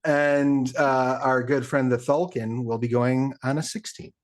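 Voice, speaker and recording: Guy running a tabletop game, easygoing, lots of ums, normal pitch. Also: unhurried. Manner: relaxed, chatty, loose with fillers. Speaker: game master.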